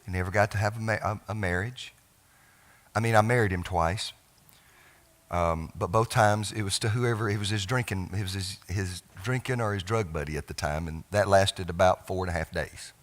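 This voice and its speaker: A middle-aged man, a pastor telling a personal family story in a sermon, with halting restarts and phrases that trail off softly. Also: sits low. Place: church sanctuary.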